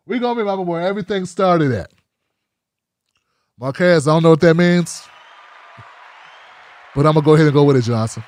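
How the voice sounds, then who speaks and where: A man's voice: high voice, moderate pace, pauses often, dry recording, studio quality. A middle-aged man hosting a live commentary show, ranting in a heated, profane, mocking way.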